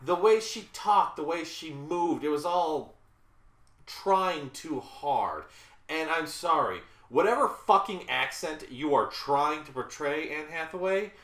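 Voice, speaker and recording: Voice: mid-range voice, expressive, slow pace, a bit bright. A reviewer in their thirties from the American South, giving a blunt, casual movie rant and often saying sorry between complaints. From Southern United States. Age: 30s. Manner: blunt and exasperated, with repeated apologies. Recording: roomy echo.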